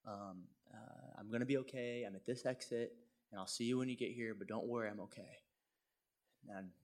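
A middle-aged male pastor telling a personal story in a sermon, swinging from hushed tones to loud exclaims. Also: medium pitch.

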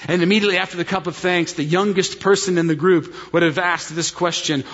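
A man's voice: high-pitched, steady tone, fairly quick, few pauses, fairly bright tone. A man preaching a sermon, explaining scripture with emphatic repetition. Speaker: pastor. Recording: dull sound with long hall reverb.

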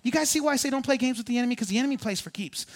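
A man preaching a sermon as pastor, animated, calling on the congregation to respond and jumping up in pitch for emphasis. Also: racing.

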